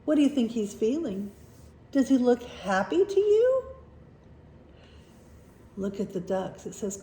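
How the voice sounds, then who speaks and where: A woman reading a picture book aloud to children, gently asking them questions about the pictures. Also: on the high side, big pitch swings, unhurried, pauses often. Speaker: storybook reader for children. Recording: roomy echo.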